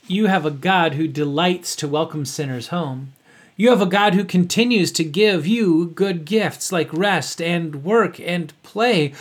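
Man preaching a sermon, higher voice. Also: breathy edge. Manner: earnest, reads from notes with asides. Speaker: pastor.

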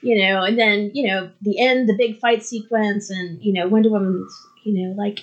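A woman's voice: mid-range voice, fairly even intonation, brisk, lo-fi sound. A woman co-hosts a casual podcast in a mid-range voice. She is chatty and laughs often while recapping scenes with amusement. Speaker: podcast co-host. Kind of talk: casual chat.

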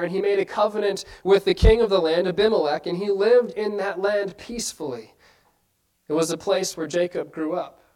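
High-voiced man preaching a sermon. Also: poor audio. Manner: earnest, asks many rhetorical questions.

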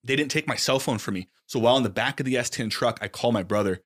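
A man casually telling a story on a podcast, jumping into high voices for the people he quotes and laughing and swearing freely. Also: fast talker, a bit bright.

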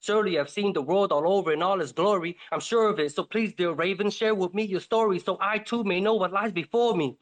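Man playing a lonely hungry wolf, wheedling, pleading, high voice, storybook fable. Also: fast, few pauses, close to an everyday voice, low-quality recording.

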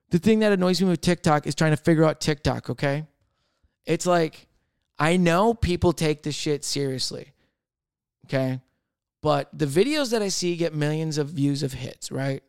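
A man hosting a solo podcast, rambling and thinking out loud in casual chat, swearing freely. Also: a little high, vocal fry, clean tone, no room sound, clean studio sound. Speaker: podcast host.

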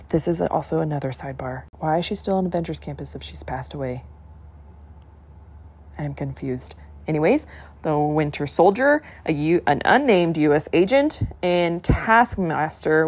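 A young woman hosting a casual solo podcast, gushing and excitable, often restarting her sentences. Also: low-pitched, normal speed. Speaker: podcast host.

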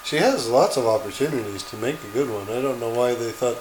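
A man's voice: mid-range voice, brisk, reverberant, slight background noise, poor audio. A man chatting casually as a podcast co-host, with dry, brief remarks. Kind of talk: casual chat.

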